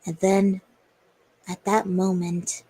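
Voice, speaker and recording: A woman's voice: medium pitch, level tone, slow pace, mellow, breathy edge. A young woman telling a story on a livestream in a rambling, hesitant way with many fillers. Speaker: streamer.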